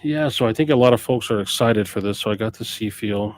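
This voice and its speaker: This man, a record shop owner, talks briskly in a fairly low voice during a casual live stream about newly arrived stock. His talk is off the cuff and meandering, and he keeps correcting himself partway through sentences.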